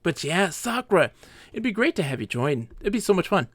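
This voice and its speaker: A man live-streaming a game, chatting casually with viewers and telling animated stories. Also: sits high, a little fast, no room sound. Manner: animated storytelling, acts out quoted players. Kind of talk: casual live-stream chat while gaming.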